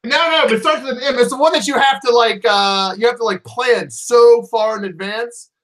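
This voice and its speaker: A man's voice: extremely high pitch, moderate pace, a bit bright. Rambling self-deprecating man chatting. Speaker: co-host of a board game live stream. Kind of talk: casual group chat.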